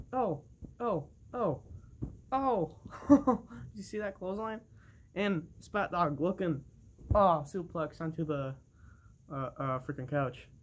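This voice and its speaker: A commentator calling a toy wrestling match with excitable bursts of oohs and laughter. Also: medium pitch, a little hiss or hum. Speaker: play-by-play commentator.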